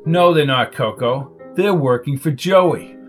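A man reading a crime story, voicing a calm, shrewd coach who lays out what he has figured out. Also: mid-range voice, a little slow, soft background music, natural voice. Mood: explaining.

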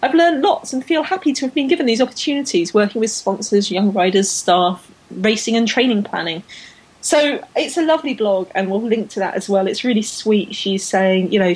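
A woman's voice: medium pitch, a little mellow, breathy edge, poor audio. A woman co-hosting a casual podcast chat, enthusiastic and full of fillers and restarts. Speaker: podcast co-host. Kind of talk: casual chat about women's cycling.

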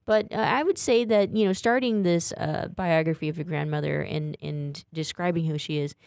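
Woman radio host, casual chat, slightly low voice, dry sound. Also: normal speed, gravelly, no echo. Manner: relaxed, with many fillers and laughs.

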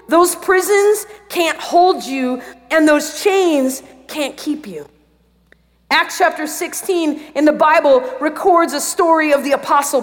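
A high-voiced woman pastor preaching to students, shifting into animated storytelling and acting out her own alarm. Her voice carries with a long reverb, as if filling a large hall. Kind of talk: sermon to students with a personal story.

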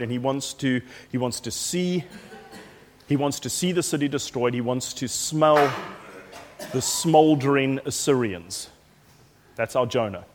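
Brief: male pastor, emphatic sermon, mid-pitched, long hall reverb. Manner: animated, emphatic storytelling with repetitions. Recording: echoey hall.

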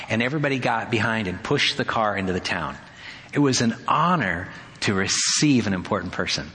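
A male pastor preaching a sermon in a conversational way, asking his listeners questions and acting out the shouts in the story. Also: mid-range voice. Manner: acts out quoted shouts in a raised voice. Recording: long hall reverb.

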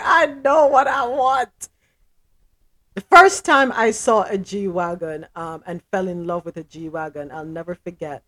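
Woman, podcast host, casual chat, lively pitch, blunt, laughs a lot. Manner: animated, laughs often, blunt opinions.

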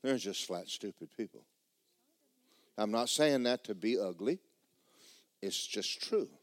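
A man's voice: on the low side, expressive, a little slow, dry recording. A man preaching a sermon in a church, folksy and blunt, building to fervent emphasis. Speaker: pastor. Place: church sanctuary.

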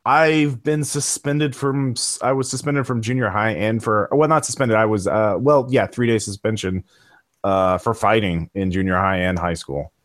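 Low-voiced rambling man, dry sound. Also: moderate pace, no echo. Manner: rambling, many restarts and fillers. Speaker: podcast guest. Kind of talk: casual chat.

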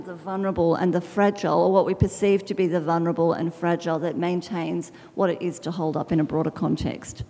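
A woman's voice: on the low side, warm tone. A woman artist talking about her own work in a searching way, restarting phrases with many ums. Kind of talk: public talk about her artwork. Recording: long reverb of a lecture hall.

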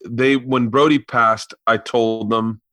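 Bright-voiced man telling a story. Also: medium pitch, takes it slowly, no echo, clean studio sound. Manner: animated storyteller who acts out quoted voices. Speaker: podcast host. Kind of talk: casual chat, storytelling.

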